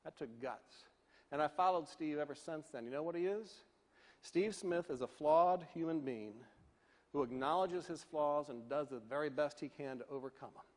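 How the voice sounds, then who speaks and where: A man from Northern Virginia giving a keynote speech, telling a story with animated delivery and acting out the voices of the people in it. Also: on the high side, normal speed, in a large hall. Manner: animated, acts out the voices of people in his stories. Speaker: keynote speaker.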